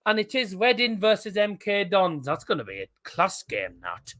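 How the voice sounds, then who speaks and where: A man's voice: a little high, very animated, normal speed, vocal fry, hardly any pauses, a bit bright. A man hosting a live stream, calling out cup draw fixtures and chatting with viewers in the live chat. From England.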